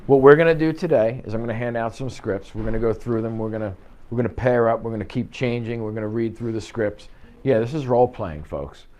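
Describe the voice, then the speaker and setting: Speaking a little fast in a darkish, medium-pitched voice, a man trains a class of real estate agents in an office. He talks in punchy bursts, throws out rhetorical questions, and keeps checking in with "okay?" during this live class.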